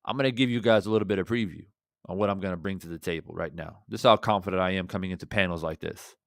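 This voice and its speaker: A man hosting a fan reaction channel, talking in an impassioned, rhetorical way that swings between loud and quiet. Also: sits low, rapid-fire, vocal fry, no room sound, clean studio sound. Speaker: boxing channel host.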